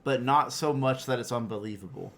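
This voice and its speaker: A man's voice: medium pitch, a little fast. A man co-hosting a casual podcast chat, steering the talk in a laid-back, agreeable way. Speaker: podcast co-host.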